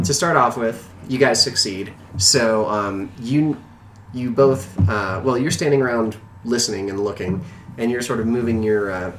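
A medium-pitched man narrates as game master of a tabletop game, hesitant and full of fillers and restarts. The room is echoey and the recording carries a little hiss or hum.

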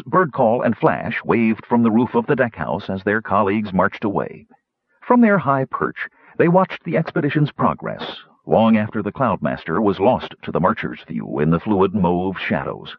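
A man narrating an audiobook in a measured, expressive storytelling manner. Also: lowish voice, husky, no room sound. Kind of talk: scripted narration. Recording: dull, dry recording.

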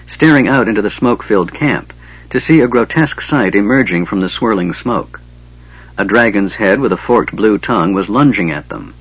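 A man narrating an audiobook in a steady, even reading. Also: fairly low pitch, husky, no echo. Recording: dull lo-fi, dry.

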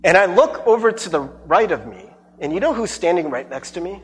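A man pastor giving a sermon, telling a personal story in an animated way, laughing often and acting out the people he quotes. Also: sits high, a little fast, few pauses.

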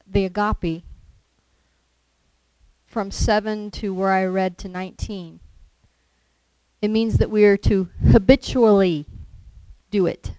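A woman's voice: medium pitch, warm tone, smooth, dry recording, rough recording. A woman preaching a sermon in a conversational way, asking the listeners questions and acting out little quotes. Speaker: lay preacher.

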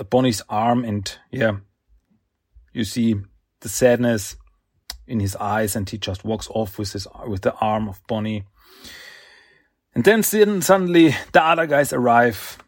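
Guy recapping a comic, lots of uhs and restarts, gravelly, dry close mic. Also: medium pitch, no room sound. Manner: halting, many fillers and restarts, chuckles often. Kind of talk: casual retelling of a comic issue.

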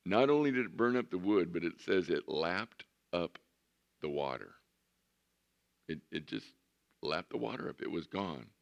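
Male pastor, very low and gravelly, conversational sermon delivery with slow stretched emphasis. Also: expressive, lo-fi sound. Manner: conversational storytelling, drawn-out emphasis.

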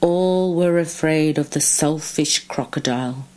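A woman reading a children's story aloud with slow, expressive, drawn-out phrasing. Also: low voice.

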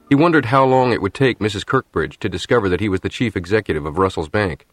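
A man narrating a novel as an audiobook in a steady, measured storytelling manner. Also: fairly low pitch, dry recording, soft background music. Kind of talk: scripted narration.

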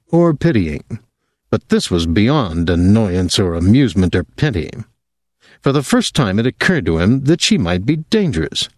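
A man with a low voice reads a novel aloud, his delivery swinging freely up and down. He sounds close to the mic in a dry, dead room. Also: no room sound. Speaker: audiobook narrator. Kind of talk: scripted narration.

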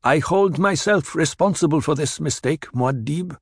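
A man's voice: fairly high pitch, normal speed, breathy edge, no room sound, studio quality, pitched above the performer's own voice. A man doing a loyal desert warrior lieutenant. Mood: earnest. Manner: earnest, formal reporting. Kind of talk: audiobook character voice.

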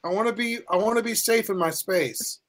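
A man from the United States on a casual comedy podcast, joking excitably and yelping into high cries. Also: fairly quick, over a noisy crowd. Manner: excitable, cracks jokes, yelps into high put-on cries. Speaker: podcast co-host.

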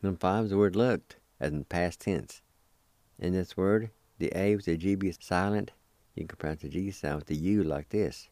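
This Oklahoma radio host and language teacher speaks in a low register at normal speed, his tone dark and the audio free of room sound. In a slow vocabulary lesson, he patiently repeats words, spelling and sounding them out syllable by syllable.

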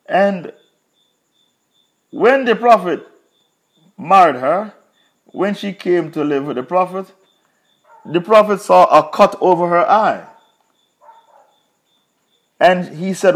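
A man's voice: sits high, lively intonation, slow pace, pauses often. A man teaching a Quran commentary lesson, retelling a story with emphatic repetition.

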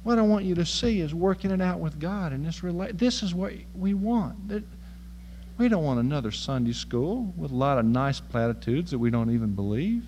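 A man's voice: on the high side, lively intonation, moderate pace, warm tone, long reverb tail, a little hiss or hum, poor audio. A man preaching a sermon in a folksy, humorous and emphatic way.

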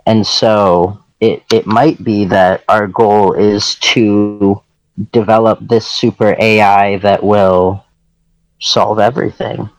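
A man in casual conversation, musing slowly and reflectively on ideas. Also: lowish voice, flat delivery, poor audio. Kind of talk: casual chat.

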